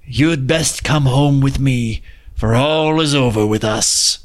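A man's voice: medium pitch, takes it slowly, lightly acted. A man reading a storybook, voicing a proud young male god who is lovesick and heartbroken, speaking mournfully and then challenging his brother. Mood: sorrowful.

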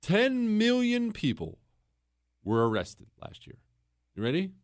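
A young male podcast host with a fairly high voice, talking straight into a dry, close recording. He delivers political commentary in an emphatic, rhetorical monologue, repeating key words and firing questions at his listeners. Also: huge pitch swings, slow, dry recording.

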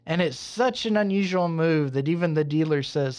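A man hosting a podcast, telling a long drawn-out joke with playful asides and speaking affectionately to his listeners. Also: on the high side, darkish tone, smooth. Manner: affectionate, theatrical farewell to listeners. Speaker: podcast host. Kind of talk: casual storytelling and sign-off.

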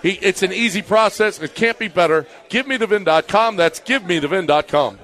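A man's voice: high-pitched, a little fast, fairly bright tone. A man hosting a live radio show from a bar party, bantering brashly and reading ads. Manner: brash, teasing, salesman-like.

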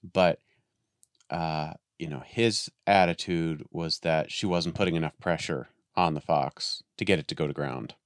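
A man's voice: a bass voice, unhurried, no echo, studio quality. A man in casual conversation, telling a long story with many restarts and acted-out voices. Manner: rambling, restarts a lot, acts out voices in stories. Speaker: guest on a dog training podcast.

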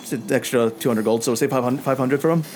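A gruff, businesslike dwarf smith with a put-on Scottish accent, played by a man running a tabletop game. He haggles bluntly and drops plenty of filler words. Faint background noise sits behind him. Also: medium pitch, quick pace, lightly acted.

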